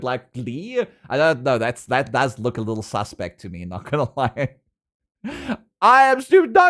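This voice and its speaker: Giggly South African man, lively voice. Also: mid-range voice. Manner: chatty and giggly, laughs often, playful. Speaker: streamer. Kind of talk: casual chat with a live stream audience.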